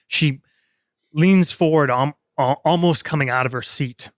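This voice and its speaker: A man narrating as game master, halting and full of restarts, on a close mic. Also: a little high, no echo. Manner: halting, many fillers and restarts.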